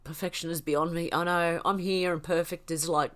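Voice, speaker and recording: A woman's voice: low-pitched, normal speed, hardly any pauses. A woman hosting a casual livestream, reading chat comments aloud and laughing often. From Australia.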